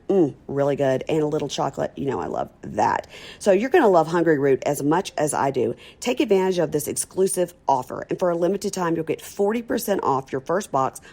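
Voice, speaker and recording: Woman, middle-aged, podcast host, folksy, low-pitched. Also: mellow. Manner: chatty, folksy, laughs easily. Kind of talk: casual chat and host-read ads.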